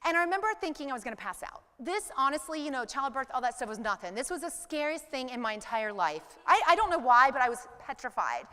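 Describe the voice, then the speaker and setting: A woman in her forties giving a motivational talk to a live audience, telling stories in an animated way and acting out her own thoughts. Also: sits high, fast talker, hardly any pauses, long reverb tail. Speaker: business speaker.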